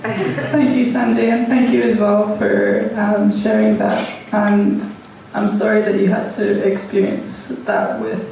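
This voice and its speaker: Woman moderator, slow and flat, dark gravelly voice, echoey hall far off. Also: mid-range voice, a crowd in the background. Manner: slow, gentle, hesitant. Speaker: panel host. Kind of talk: moderating a panel.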